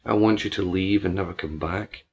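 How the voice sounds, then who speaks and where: A man voicing a cold, hostile young billionaire who speaks in flat, clipped lines and snaps out orders. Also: sits low, normal speed, husky, muffled recording, pitched below the performer's own voice.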